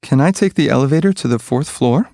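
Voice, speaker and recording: A man reading short English practice sentences one by one, clearly and evenly. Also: medium pitch, no echo, studio quality. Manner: clear, even, measured delivery of single sentences.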